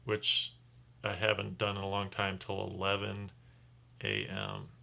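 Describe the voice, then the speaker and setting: Tired man rambling, bright voice. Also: low-pitched, very animated, measured pace, vocal fry. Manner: rambling, restarts sentences often. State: tired from little sleep. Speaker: rideshare driver. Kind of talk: casual vlog storytelling.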